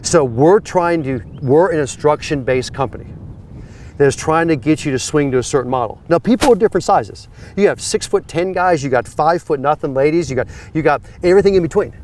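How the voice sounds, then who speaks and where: A man who fits and teaches golf clubs, telling a story in a lively, emphatic way. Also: on the high side, fairly quick, a little hiss or hum. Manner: animated, rising to emphatic when excited. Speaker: golf club fitter and instructor. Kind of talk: conversational storytelling.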